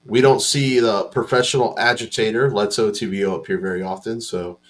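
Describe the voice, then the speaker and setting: A man's voice: fairly low pitch, steady tone, a little fast. A man hosting a live stream, introducing guests in a loose, chatty way. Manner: chatty, informal, loose filler-heavy introductions. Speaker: host.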